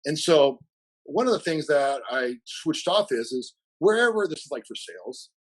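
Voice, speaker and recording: A man's voice: fairly high pitch, big pitch swings, moderate pace, husky, poor audio. A man being interviewed as a coach, chatting casually and animatedly, acting out bits of dialogue and laughing often. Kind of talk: casual conversational storytelling.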